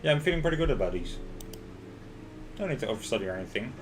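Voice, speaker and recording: A man streaming a game and reading its story aloud, slipping into laughs and panicky outbursts. His voice sits at an average pitch. A faint noise hangs in the background. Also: very animated, racing. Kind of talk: reading a visual novel aloud while playing.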